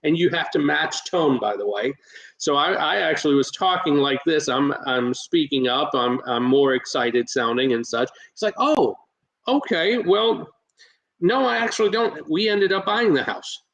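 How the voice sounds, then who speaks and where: A man who invests in real estate, talking as a podcast guest and coaching listeners in a lively way, with plenty of fillers and restarts. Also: medium pitch, moderate pace, rough recording. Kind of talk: casual podcast storytelling.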